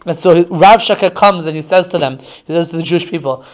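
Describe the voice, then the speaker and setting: A man's voice: a little high, fairly even intonation, fast talker. A man teaching a religious text class in a conversational way, often restarting and checking in with his listeners.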